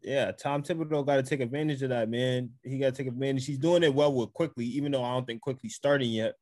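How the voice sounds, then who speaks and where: A man's voice: medium pitch, fairly even intonation, quick pace, darkish tone, dry recording, clean studio sound. A man co-hosting a casual sports podcast, laid-back, laughing easily and repeating his points for emphasis. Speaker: podcast co-host.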